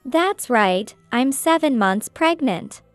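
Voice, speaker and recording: A woman's voice: high-pitched, lively intonation, slow pace, dry recording, faint music behind. Nasal, pushy young woman, as a narrator puts her on. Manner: pushy, self-centered requests. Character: demanding young pregnant woman, mid-twenties.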